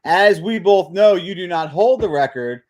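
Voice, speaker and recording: A man co-hosting a live stream who ribs his friends in a wry, matter-of-fact tone. His voice is mid-pitched, and his talk stays casual. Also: animated, moderate pace, a little mellow.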